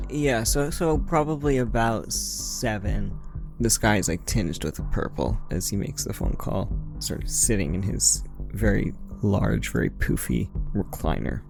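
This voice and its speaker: A man with a low, gravelly voice plays his character in a tabletop game, measured and plain in his delivery. Music plays clearly behind him. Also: expressive. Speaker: player. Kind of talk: tabletop role-play, in and out of character.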